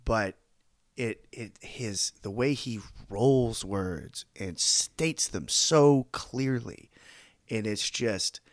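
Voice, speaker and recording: A man co-hosting a podcast in casual movie chat, enthusiastic and quick to laugh. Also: on the low side, lively intonation, no room sound. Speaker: podcast co-host.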